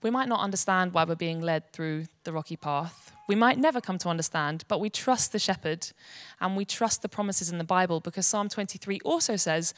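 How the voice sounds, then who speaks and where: A woman's voice: fairly low pitch, a little fast, hardly any pauses, no room sound, clean studio sound. Earnest woman giving a devotional teaching. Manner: earnest, gentle explaining. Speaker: Bible teacher.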